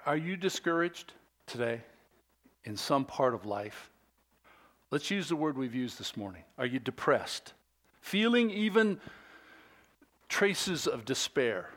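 A middle-aged male pastor delivering a sermon, shifting between animated, raised preaching and a quiet, intimate storytelling voice. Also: a little high, takes it slowly, long pauses.

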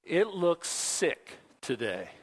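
A man's voice: a little high, big pitch swings, slow, slightly rough. A man preaching a sermon, telling a folksy story in a casual way with lots of fillers and restarts. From Pacific Northwest. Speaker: pastor.

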